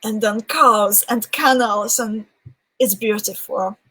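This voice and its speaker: Hosting a chatty beading livestream, a woman speaks slowly in a mid-range voice that sounds pushed, bright and husky. She reads out comments from viewers and laughs frequently between them, over a rough recording.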